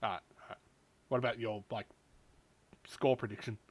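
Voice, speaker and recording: A man's voice: fairly low pitch, steady tone, normal speed, a crowd in the background. A man hosting a casual podcast chat, bantering with friends, stammering through restarts and laughing often. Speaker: podcast host.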